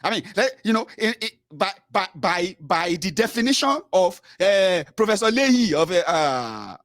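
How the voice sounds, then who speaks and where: A man's voice: sits high, moderate pace, no echo, clean studio sound. A Nigerian-accented man ranting through political commentary for his vlog, mixing pidgin into his English. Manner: animated, mixes pidgin into English.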